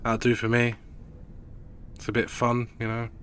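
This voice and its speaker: A man's voice: medium pitch, completely flat delivery, normal speed, a bit bright, slight background noise. A young man streaming a video game, chatting casually in a rambling, sweary, laid-back way. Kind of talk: casual gaming stream chat.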